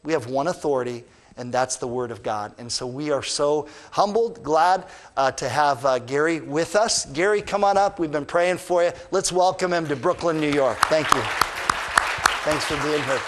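A man, the pastor, introducing a guest speaker at church in a halting way with many fillers. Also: on the high side, some chatter behind. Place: church in Brooklyn, New York.

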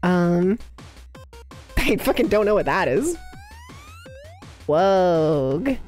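A woman streamer chatting live while guessing games, excitable and swearing a lot, bursting into high yells. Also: slow pace, faint music behind.

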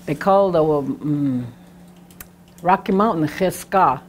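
A woman's voice: low voice, slow pace, a little hiss or hum. A woman teaching a language class, patiently repeating sounds to demonstrate them. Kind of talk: classroom lesson.

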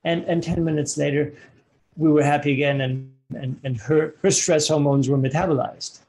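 On a podcast, a man working as a relationship coach talks earnestly at a moderate pace, his voice on the high side, steady and a little mellow. He repeats words as he hunts for them and performs quoted dialogue. The audio is poor.

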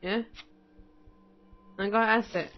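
A woman casually commenting as she plays a mystery game, muttering to herself in an unhurried way. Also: medium pitch, fairly even intonation. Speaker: game player. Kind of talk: casual let's-play commentary. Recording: muffled audio with game music.

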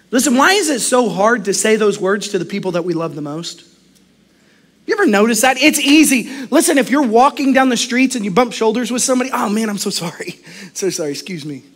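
Animated high-voiced male pastor preaching. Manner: animated, acts out quotes, laughs often. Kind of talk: sermon.

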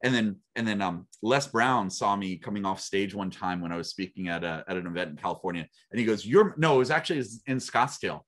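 A middle-aged man, a guest speaker and coach, telling his story in an interview with lively acted-out quotes and frequent laughs. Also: lowish voice, quick pace, few pauses. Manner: animated storyteller, acts out quotes, laughs often. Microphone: small mic worn on body.

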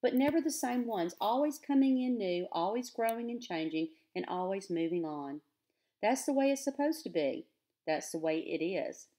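Teacher reading worn-out rustic old dad, earnest, pleading, folksy talk. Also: female voice, medium pitch, expressive, warm tone, close to an everyday voice. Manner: plain country grammar, slow and earnest. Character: weary rustic older father, earnest and pleading.

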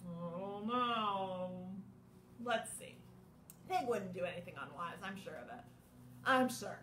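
A woman hosting a children's storytime, reading a picture book aloud in an animated, sing-song way with playful gasps. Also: mid-range voice, slow, far from the mic. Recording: echoey room with faint background noise.

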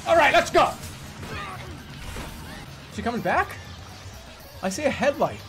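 A man's voice: very high voice, sing-song, measured pace. A man streaming a game, talking through it in an exasperated, swearing way, laughing at how broken it is. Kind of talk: gameplay commentary. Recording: loud game music behind.

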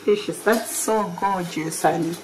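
A woman's voice: fairly low pitch, takes it slowly. A young woman, a mother filming a family vlog at home, gushing and exclaiming in casual chat and often laughing. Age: young adult. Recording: noisy home recording.

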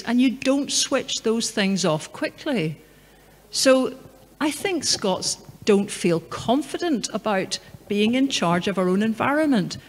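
A middle-aged woman giving a public talk in a large hall, speaking in a conversational, anecdotal and emphatic way. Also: a little high. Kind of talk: lecture and Q&A answer. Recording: long hall reverb.

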